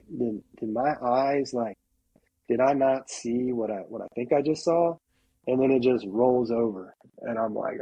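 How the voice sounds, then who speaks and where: A man's voice: mid-range voice, moderate pace, slightly rough, lo-fi sound. A middle-aged man, a podcast guest, telling a hunting story casually and animatedly, often saying "like" and acting out what people said. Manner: animated storyteller, acts out quotes, heavy use of "like".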